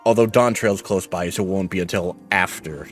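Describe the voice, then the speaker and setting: A man's voice: deep voice, fairly even intonation, brisk, soft background music. A man hosting a let's play, chatting casually about the story and swearing now and then. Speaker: VTuber let's play host. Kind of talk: casual gameplay commentary.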